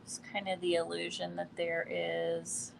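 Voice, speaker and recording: A woman doing a live painting demonstration, relaxed and thinking aloud as she works, often trailing off mid-sentence. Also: lowish voice, a little slow, creaky, noisy background. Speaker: art instructor. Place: quiet indoor studio in a building.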